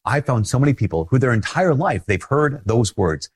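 A man with a Minnesotan accent giving an earnest, conversational sermon as a Catholic priest, often repeating phrases and laughing softly. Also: medium pitch, sing-song, normal speed, breathy edge.

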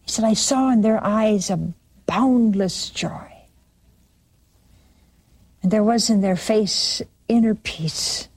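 Slow breathy woman telling a vision story. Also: medium pitch, darkish tone. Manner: retells a saint's vision with quoted dialogue, halting restarts. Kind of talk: sermon storytelling.

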